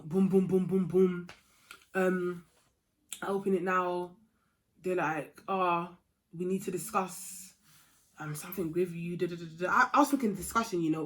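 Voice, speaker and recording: A young woman telling a storytime vlog story in a chatty, animated way, dropping to a hush and rising to heated outbursts. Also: mid-range voice. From England. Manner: chatty and animated, swings from hushed to loud and heated. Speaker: vlogger.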